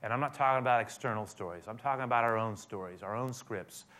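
A man's voice: medium pitch, quick pace, a bit bright. A man preaching a sermon, emphatic and speaking straight to his listeners with frequent direct questions. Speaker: pastor.

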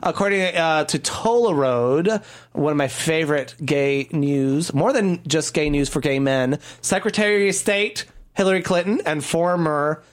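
Man, host, casual chat, animated, theatrical jokes, high voice. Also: measured pace.

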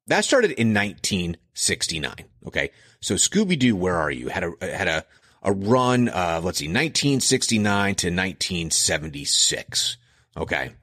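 A man's voice: fairly low pitch, fairly bright tone, no echo, clean studio sound. A man in his forties hosting a podcast, talking through childhood memories in a rambling, casual way and laughing at his own slips. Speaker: podcast host. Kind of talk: casual nostalgic monologue.

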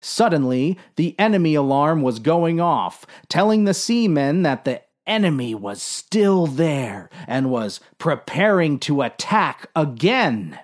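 A man narrating a comic story in a dry, unhurried, deadpan way. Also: fairly high pitch.

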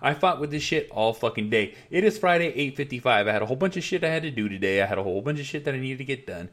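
A man's voice: medium pitch, lively intonation, racing, fairly bright tone. A middle-aged man hosting his podcast from home on a headset mic, ranting in a frustrated, profane, rambling way. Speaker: podcast host. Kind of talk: casual ranting monologue. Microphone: headset mic at a laptop.

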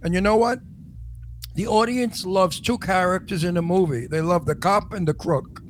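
A man's voice: high-pitched, moderate pace, a little hiss or hum. Blunt older man with a Brooklyn accent. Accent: New York (Brooklyn). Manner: blunt, joking, emphatic. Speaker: co-host. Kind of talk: casual chat.

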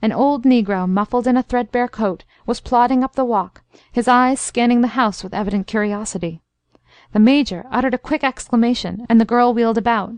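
Clear-voiced woman reading a story. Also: fairly high pitch, dry recording. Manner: measured, expressive reading. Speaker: audiobook narrator. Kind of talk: scripted narration.

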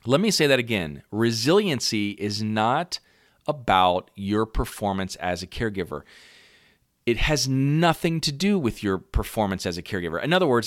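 A man's voice: mid-range voice, no room sound, clean studio sound. A middle-aged man, a parent coach hosting a podcast, talking earnestly and conversationally to caregivers and often checking in with "right?". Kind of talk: encouraging podcast talk to caregivers.

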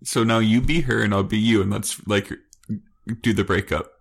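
A man's voice: fairly low pitch, normal speed, creaky. A man in his thirties co-hosting a podcast, teasing his co-host and telling stories in casual chat. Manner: teasing, giggly, animated questioning.

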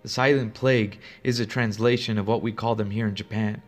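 A man doing a frightened, hushed nurse. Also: on the low side, steady tone, a little fast, faint music behind, lightly acted. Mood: fearful hushed. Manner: trembling, hushed, urgent. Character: frightened female nurse, urgent and secretive.

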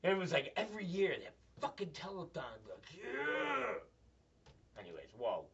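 A man's voice: fairly high pitch, huge pitch swings, quick pace, breathy edge. A man hosting a show, telling crude, profane, rambling comedic stories. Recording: dull, slightly distant mic.

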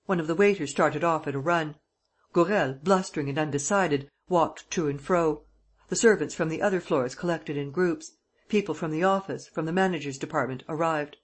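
An audiobook reader narrating a novel in a steady, even storytelling manner. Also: mid-range voice, moderate pace, husky.

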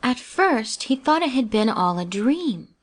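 A woman reads a children's story aloud in a gentle, measured way. Her voice sits a little high and keeps an even storybook cadence. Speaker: narrator. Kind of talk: scripted storybook narration.

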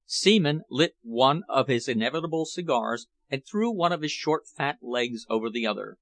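A man's voice: medium pitch, animated, moderate pace, few pauses, a bit bright. Man reading a novel aloud. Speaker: audiobook reader. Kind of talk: scripted narration.

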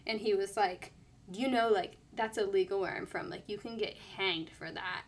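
A woman's voice: medium pitch, fairly even intonation, moderate pace. A young woman telling a personal story in casual chat, full of fillers and acted-out quotes. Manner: chatty, lots of "like", quoting others.

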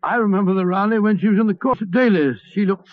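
An actor playing a fussy, genial older Doctor Watson in a radio drama. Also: male voice, high voice, quick pace, close to an everyday voice. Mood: blustering. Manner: blustering and fussy. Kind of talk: 1940s radio acting. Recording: dull dry old radio broadcast.

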